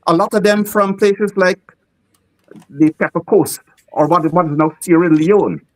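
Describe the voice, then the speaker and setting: High-voiced Guyanese man telling stories. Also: measured pace, low-quality recording. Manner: animated, acts out quoted voices. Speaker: playwright guest. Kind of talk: interview storytelling.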